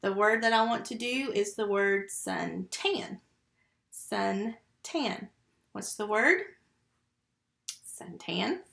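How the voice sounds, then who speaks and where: A woman's voice: mid-range voice, lively intonation, slow pace, gravelly, a bit bright. A woman teaching a first grade phonics lesson from home, patiently sounding out letters and syllables one by one into a computer mic. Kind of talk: recorded phonics lesson for young children. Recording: echoey room.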